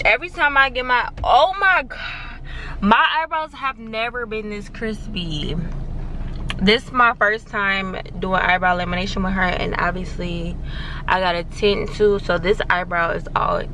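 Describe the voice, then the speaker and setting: A woman's voice: medium pitch, moderate pace, pushed and bright, slight background noise. A young woman in her twenties vlogging in casual, candid chat, swearing freely and calling her viewers y'all. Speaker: beauty vlogger.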